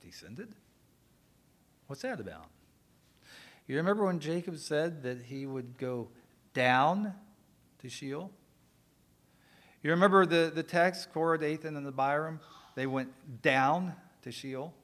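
A male preacher giving a sermon, swinging from loud emphatic lines to quiet asides and joking with the congregation. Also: a little high, lively intonation, slow pace, long pauses.

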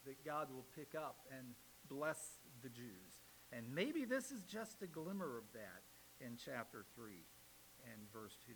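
Emphatic preacher man, lively high voice. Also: slight background noise, rough recording. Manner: emphatic, swings loud on key phrases; reads scripture aloud with rising force. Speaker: pastor. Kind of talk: sermon.

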